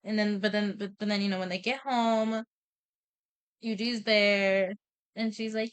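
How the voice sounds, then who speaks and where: A woman's voice: medium pitch, fairly even intonation, normal speed, clear, resonant tone. A woman streamer casually retelling a story, rambling with lots of repeated "and then"s, swearing and laughing often.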